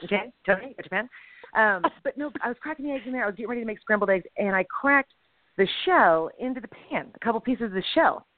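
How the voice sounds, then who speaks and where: Brief: fast, lively middle-aged woman co-host, tinny phone-quality sound. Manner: bubbly, animated storyteller with big swings in pitch. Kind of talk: casual faith chat with comedic storytelling. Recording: dry, tinny phone-like audio.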